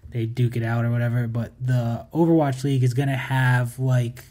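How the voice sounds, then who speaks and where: A man's voice: mid-range voice, little pitch movement, moderate pace, mellow. A man co-hosting a podcast, explaining things at length in casual chat with fillers and wry jokes. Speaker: podcast co-host.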